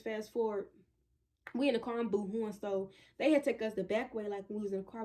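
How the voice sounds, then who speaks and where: A woman vlogger telling a story to her viewers in a loose, chatty way, talking straight to them and often circling back to restart. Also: mid-range voice. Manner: animated, talks straight to viewers. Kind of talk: casual storytime.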